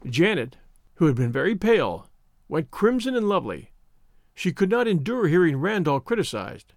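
A man reads a storybook aloud as an audiobook narrator. His voice sits somewhat high and moves with lively pitch. The recording is close and dry. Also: moderate pace, no room sound.

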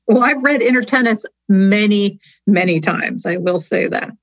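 A woman being interviewed as a guest, upbeat and quick to laugh. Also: medium pitch, no echo, muffled recording. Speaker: guest, cognitive scientist. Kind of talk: casual interview chat.

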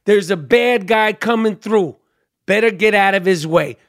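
A man's voice: sits high, measured pace, dry recording, clean studio sound. A man imitating a swaggering, defiant gangster boss in a mock Cuban accent, snarling and profane.

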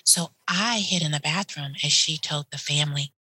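A woman who works as a hospice nurse, telling a personal story in an animated way and acting out the voices of the people in it. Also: low voice, moderate pace, breathy edge, dry recording, low-quality recording.

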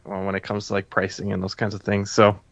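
Excited man chatting, dry sound. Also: on the low side, fast, gravelly, no echo, highs cut off. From Chicago area. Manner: laughing, excited, rambling. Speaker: comic artist guest. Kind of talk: casual chat.

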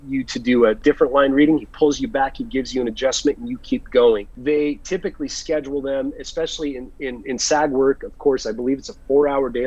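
A man, a working actor, chatting in an interview and telling lively stories about his work in an earnest, animated way. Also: medium pitch, husky, dry recording. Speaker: guest actor. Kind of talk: casual interview chat. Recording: dull lo-fi sound.

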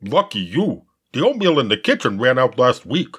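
An earnest, cheerful sea creature warrior, baffled by life on the surface. His husky voice leaps wildly up and down in pitch. It comes from a comedy audio play. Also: sing-song, moderate pace, fairly bright tone.

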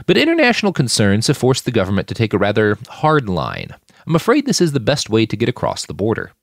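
A man's voice: fairly low pitch, huge pitch swings, quick pace, creaky, dry recording, studio quality, exaggerated voice. Man playing a cold, formal religious smuggler.

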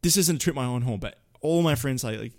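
A young man talks through storytelling tips in a loose, lively tutorial style. His voice sits at an ordinary middle pitch. He stumbles and restarts his sentences often, and the recording is dry and close with no room sound. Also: fast, dry recording. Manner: lively, rambling, frequent self-corrections. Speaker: presenter giving storytelling tips. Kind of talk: casual spoken tutorial.

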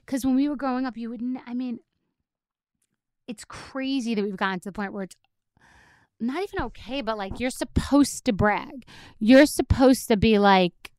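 The middle-aged host delivers another podcast rant on her own, exasperated, sarcastic and heavy on profanity, for comic effect. Her voice is on the high side and a little mellow at normal speed, recorded dry at studio quality.

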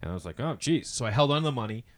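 Animated man telling a story. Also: mid-range voice, racing, slight background noise. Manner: animated storyteller, acts out quoted people with loud outbursts and swearing. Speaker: podcast co-host. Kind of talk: casual storytelling chat.

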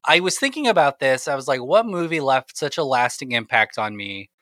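A man's voice: mid-range voice, animated, brisk, bright, forceful tone, no room sound. A man co-hosting a casual podcast, rambling through stories with frequent laughs and self-deprecating asides. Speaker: podcast co-host.

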